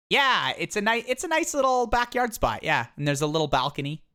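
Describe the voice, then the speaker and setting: Smooth-voiced streamer chatting from home. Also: medium pitch, moderate pace. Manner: rambling, with restarts and animated quips. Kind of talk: casual live-stream chat. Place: home office.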